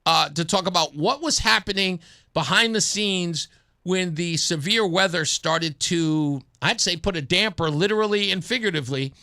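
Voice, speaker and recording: A man hosts a radio talk show in a bright, forward voice. His pitch rises and falls a lot as he chats casually and acts out stories. He talks into a studio microphone. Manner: animated storyteller, acts out a phone call in a low mumbling voice.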